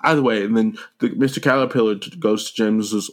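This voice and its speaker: A man on a podcast, casually recapping a movie with lots of swearing, jumping into quick voices for the characters. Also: fairly low pitch. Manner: animated, profane, acts out characters in quick voices. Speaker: podcast co-host.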